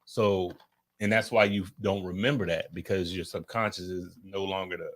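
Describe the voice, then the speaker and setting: A man's voice: low voice, steady tone, normal speed, fairly bright tone. Profane, preachy man on a podcast. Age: adult with children. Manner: loose, preachy, profane, talks to viewers. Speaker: podcast co-host. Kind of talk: casual podcast chat.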